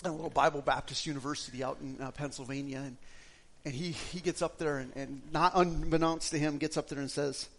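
A man from Wisconsin preaching a sermon, telling his own testimony with feeling, swinging between loud passages and hushed ones. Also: a little high, fairly even intonation, brisk, slight background noise. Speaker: pastor giving his testimony.

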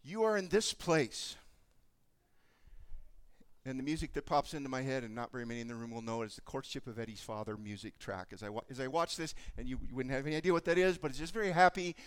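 Animated male preacher with a lively voice. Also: medium pitch, quick pace, smooth. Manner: animated storytelling, acts out voices. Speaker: pastor. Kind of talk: sermon.

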